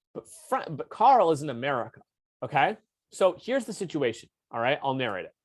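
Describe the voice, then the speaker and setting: A man's voice: on the high side, no echo. A man teaching a casual lecture as debate coach, informal and full of fillers, with slangy asides.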